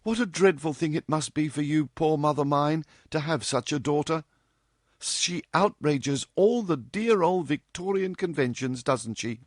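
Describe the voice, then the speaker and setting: A man voicing a lively, outspoken young woman who teases and chatters playfully. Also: fairly high pitch, measured pace, no room sound, studio quality, voice pushed up. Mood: teasing. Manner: chattering, playful, mock-dramatic.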